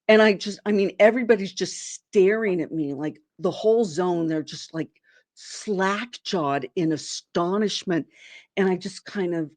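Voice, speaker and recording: A woman's voice: mid-range voice, moderate pace, dry recording. A woman from Arizona, a guest in an interview, telling a personal story and acting out what people said in a raised voice. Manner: animated, acts out quoted people in a raised voice.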